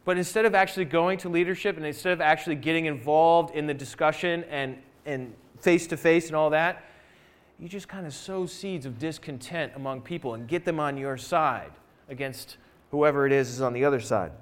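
A pastor with a slightly high, brisk voice delivers a sermon in a church sanctuary. He keeps it conversational, posing rhetorical questions and making asides to the congregation.

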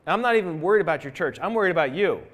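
A man's voice: high-pitched, expressive, very fast, fairly bright tone. A male pastor preaching a sermon in a church, conversational, with rhetorical questions and asides to the congregation. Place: church sanctuary.

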